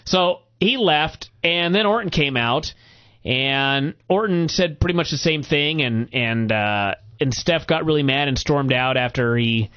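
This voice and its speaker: A man hosting a podcast, recapping a wrestling show in casual, profane, animated chat. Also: on the high side, a little slow, smooth. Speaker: podcast host. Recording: muffled lo-fi recording.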